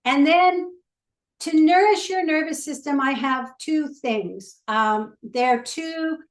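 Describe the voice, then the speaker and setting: A woman walks viewers through a simple recipe in a chatty, instructional way. Her voice sits high and her pace is unhurried. The video call sound is roomy. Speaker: guest presenter. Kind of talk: cooking demonstration.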